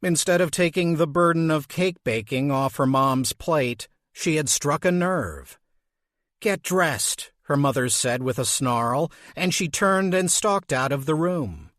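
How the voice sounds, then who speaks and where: A man reading an audiobook as narrator, with slow, measured delivery. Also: a little high, fairly bright tone, no echo, studio quality. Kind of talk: scripted narration.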